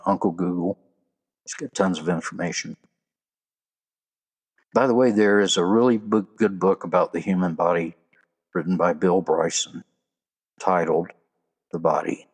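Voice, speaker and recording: Male podcast host, very low voice, unhurried folksy delivery of trivia and jokes. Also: husky. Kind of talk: casual solo podcast monologue.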